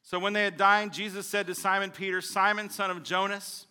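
A man preaching a sermon as pastor, teaching through a passage with impassioned swings from loud to quiet. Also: high voice, little pitch movement, fairly quick, smooth, big-room sound.

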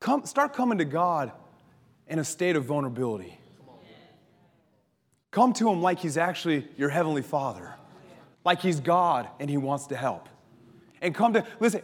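Animated preacher man in a reverberant hall. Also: sits high. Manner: animated storytelling preacher, laughs often, drops to soft prayer voice. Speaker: pastor. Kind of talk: sermon. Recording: long hall reverb with faint music.

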